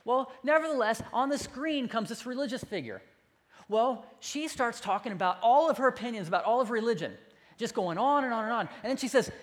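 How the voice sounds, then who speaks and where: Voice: medium pitch, animated, a little fast, long reverb tail. A pastor preaching a sermon in a conversational, self-deprecating storytelling manner.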